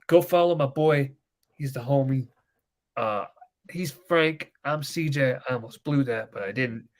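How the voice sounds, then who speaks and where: A man co-hosting a casual podcast from home, loud and excitable in banter. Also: medium pitch, a little slow. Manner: loud, excitable banter that swings to soft baby talk. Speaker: podcast co-host.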